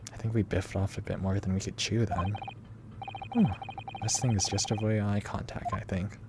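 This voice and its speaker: A man's voice: fairly low pitch, level tone, moderate pace, background noise. A man streaming a game playthrough, joking and reading dialogue aloud.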